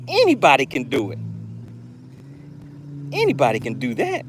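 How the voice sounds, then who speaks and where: A man hosting a live fishing stream from a boat, excitedly talking to his viewers and reading their chat aloud. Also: fairly high pitch, slow, vocal fry, pauses often, noisy background. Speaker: fishing channel host. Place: on a boat on open water. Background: jet skis and outdoor ambience.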